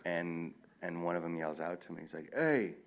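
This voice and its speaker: Male author at a live Q&A; very low, gravelly voice, relaxed and rambling. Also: a little fast. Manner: rambling, relaxed storytelling with many fillers. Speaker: author answering audience questions. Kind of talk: casual Q&A talk. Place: live event with an audience.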